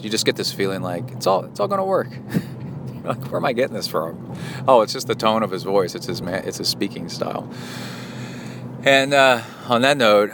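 Recorded inside a moving car, a fairly low-voiced American man hosts a casual solo podcast. He drifts between tangents and corrects himself as he goes, with road noise audible behind his voice.

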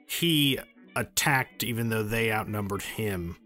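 A man co-hosting a casual podcast, chiming in with deadpan wisecracks and quick questions. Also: fairly low pitch, faint music behind. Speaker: podcast co-host. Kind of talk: casual chat.

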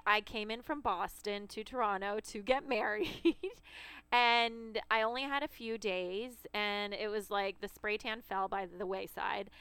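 A woman in her thirties chats as co-host, spinning a story and laughing often. Her voice is smooth and clear. The sound is dry and close. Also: mid-range voice, sharp tone, no echo. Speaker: podcast co-host. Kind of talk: casual chat.

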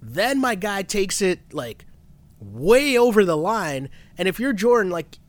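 Man, podcast co-host, animated, exasperated, higher pitch, dry room. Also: measured pace, no echo. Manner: animated, laughs often, exasperated. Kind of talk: casual chat recapping a reality show.

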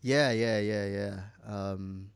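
A man's voice: on the low side, steady tone, slow pace, gravelly, smooth, no room sound. A man co-hosting a podcast, casually reading out a list and joking. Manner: reads from a list, light joking. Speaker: podcast co-host. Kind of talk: casual chat.

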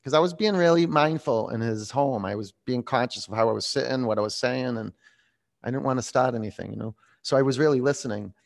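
A man in his forties leading a yoga class, calm and reflective as he tells a personal story between pose cues. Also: medium pitch, fast, vocal fry. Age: 40s. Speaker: yoga instructor.

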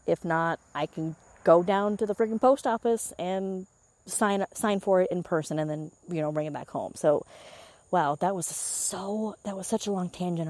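A young woman and meditation teacher tells a story in a loose, chatty way. She acts out her own reactions and swears now and then. Her voice is mellow and warm, recorded close and dry. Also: lowish voice, no echo. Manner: chatty, animated retellings with swearing and laughs. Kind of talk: casual storytelling monologue.

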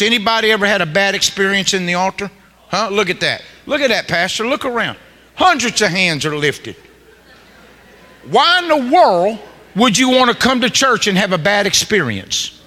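Joking male preacher, high tense voice, colloquial storyteller delivering a sermon. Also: lively intonation, normal speed, pushed and bright, big-room sound, slight background noise. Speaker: guest preacher. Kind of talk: humorous sermon.

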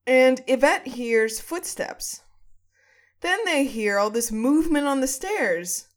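A woman co-hosting a casual chat, retelling a story with lively acted-out quotes and frequent swearing. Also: high-pitched, slow. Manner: animated storytelling, acting out quotes, swears, laughs often. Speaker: podcast co-host. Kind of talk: casual chat retelling a ghost-hunting show.

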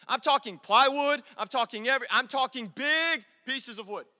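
A young man preaching a sermon, telling a story about his father and acting out his dad's lines in a low gruff tone. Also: normal speed, bright, forceful tone. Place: church. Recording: echoey church hall.

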